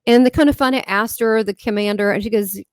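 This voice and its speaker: A woman with a somewhat high voice tells a personal story in casual chat, jumping up and down in pitch as she acts out what others said. The recording is dry and close, with no room sound. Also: fast talker, dry recording. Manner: animated storyteller, acts out quoted dialogue with big pitch jumps. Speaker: host. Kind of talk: casual chat recounting experiences.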